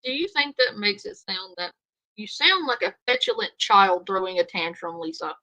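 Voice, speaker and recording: A woman's voice: a little high, big pitch swings, moderate pace, vocal fry, pushed and bright. A woman streamer giving casual, sarcastic commentary on a clip, blunt and swearing. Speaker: reaction streamer.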